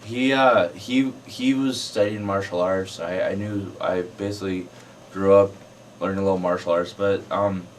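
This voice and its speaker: Brief: male actor, very low voice, relaxed storyteller who says uh a lot, picked up from a distance. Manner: storytelling, frequent uhs. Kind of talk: casual anecdote. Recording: distant mic, faint hiss.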